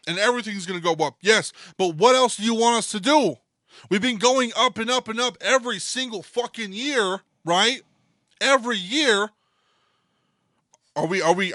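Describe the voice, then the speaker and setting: A man's voice: fairly high pitch, sharp tone, no room sound, clean studio sound. A man co-hosting a podcast, ranting heatedly in casual talk and swearing constantly. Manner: swears constantly, fired-up and emphatic. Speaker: podcast co-host.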